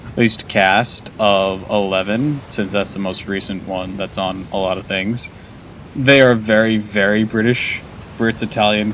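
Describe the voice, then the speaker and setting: A man's voice: fairly low pitch, bright, forceful tone, slight background noise, rough recording. A man streaming a game live, chatting casually, laughing often and swearing.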